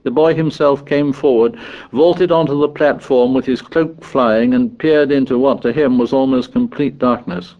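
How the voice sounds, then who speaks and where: A man narrating a novel in a measured, even storytelling voice. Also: medium pitch, muffled recording. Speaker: audiobook narrator.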